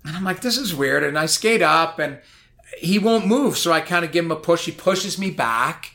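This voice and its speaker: A man telling a long anecdote in a casual chat, animated and rambling, full of "like". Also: fairly high pitch, moderate pace. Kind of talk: casual storytelling.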